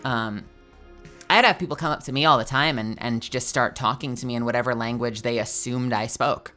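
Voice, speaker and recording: A woman's voice: a bass voice, brisk, bright, forceful tone, faint music behind. A woman streamer telling a story in casual chat, filling her talk with "like" and the odd swear word. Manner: chatty, with frequent "like" fillers and swearing.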